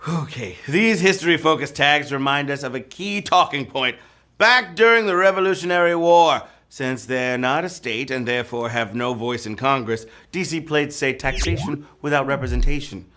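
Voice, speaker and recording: A man's voice: mid-range voice, moderate pace, pushed and bright. A man hosting a live trivia game show, joking playfully and breaking into whoops and sung bits.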